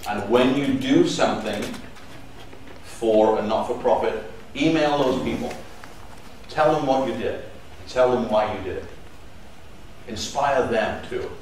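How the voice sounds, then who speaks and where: A man's voice: mid-range voice, measured pace, pauses often, a little mellow, slight background noise. Man in his fifties, echoey hall. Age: 50s. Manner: chatty, joking with the audience. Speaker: conference speaker. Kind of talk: live conference presentation. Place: large conference hall. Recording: echoey hall, mic at a distance.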